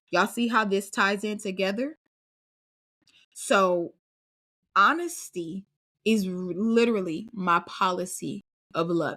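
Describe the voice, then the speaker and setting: A woman's voice: mid-range voice, a bit bright. A woman in her thirties hosting a solo podcast, speaking earnestly and with emphasis, often addressing her listeners as y'all. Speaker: podcast host. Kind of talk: casual solo podcast talk.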